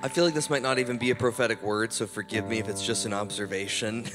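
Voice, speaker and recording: A man preaching at a church service in a casual, conversational way with many fillers, dropping to a hushed, slow voice when he prays. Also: lowish voice, steady tone. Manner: softens to a hushed, slow voice in prayer. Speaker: guest preacher. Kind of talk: charismatic church sermon and prayer. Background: instrumental music.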